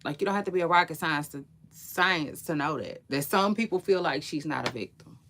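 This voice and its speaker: A woman's voice: sits low, a little fast, a bit bright, a little hiss or hum. A woman giving casual celebrity gossip commentary, chatty and slangy, rambling with frequent asides.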